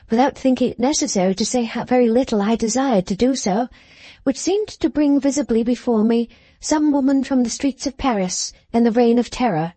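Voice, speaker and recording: A woman narrating a classic novel as an audiobook, in a measured, composed storytelling manner. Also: a little high, warm tone, dry recording.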